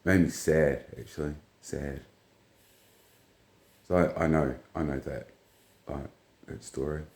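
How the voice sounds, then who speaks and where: Blunt, swearing man, very low voice, rambling anecdote in a roomy space. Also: a little slow. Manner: blunt, profane, rambling, retells dialogue in flat quotes. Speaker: vlogger. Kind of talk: casual storytelling monologue.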